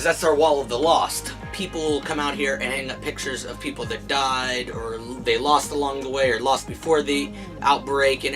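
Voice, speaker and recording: A man hosts a comic book show, telling each plot with energy and jumping into the characters' lines. His voice sits at an ordinary middle pitch. Faint music plays underneath. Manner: animated retelling, acting out characters' lines. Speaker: comic book review host. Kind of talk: casual chat recapping comics.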